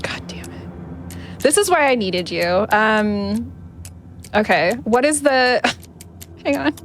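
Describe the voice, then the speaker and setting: A woman's voice: a little high, animated, slow, slight background noise. A woman speedrunner chatting casually and giggling with friends while she plays live through a headset mic. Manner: chatty, giggly, self-deprecating.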